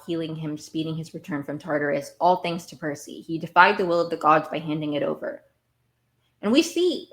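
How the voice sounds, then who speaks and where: A woman with a slightly low voice talks through a TV episode as a podcast host. She rambles in a casual, animated way and repeats words as she works out her point. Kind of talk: casual TV recap.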